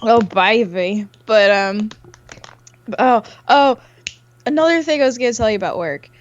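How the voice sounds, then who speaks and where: A woman's voice: on the high side, measured pace, lo-fi sound. A young adult woman co-hosting a podcast, chatting crudely and improvising, giggling a lot, swearing freely and telling stories in put-on voices. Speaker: podcast co-host. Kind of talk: crude improvised comedic chat.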